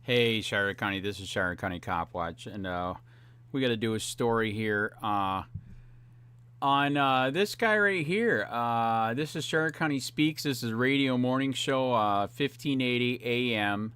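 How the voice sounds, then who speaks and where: A man's voice: mid-range voice, measured pace, bright, forceful tone, clear, resonant tone. A man hosting a cop watch vlog, ranting in a profane, rambling way full of fillers as he grows heated. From Florida. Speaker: cop watch channel host.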